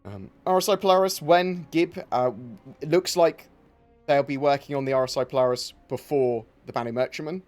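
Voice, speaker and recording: A man's voice: fairly high pitch, normal speed, darkish tone, faint music behind. Rambling man hosting a livestream. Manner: rambling, self-interrupting, chaotic. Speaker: livestream host. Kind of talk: casual livestream chat.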